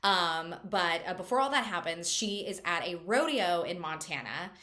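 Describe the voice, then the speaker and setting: A woman's voice: fairly low pitch, lively intonation, moderate pace, pushed and bright. A woman hosting a casual book chat, recapping a novel in a chatty way with lots of fillers and wry asides. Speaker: book reviewer host.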